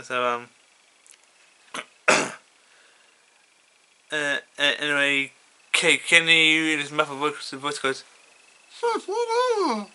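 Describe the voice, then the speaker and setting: A man reading his own fan story aloud in a casual way, halting and stuttering with plenty of fillers. His voice is very bright and clear, pitched a bit high for a man. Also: fairly even intonation. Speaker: fan fiction reader.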